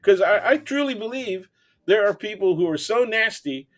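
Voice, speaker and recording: A man's voice: high-pitched, animated, normal speed. A man appearing as a guest on a talk show, chatting casually with wry, sarcastic humor. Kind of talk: casual chat.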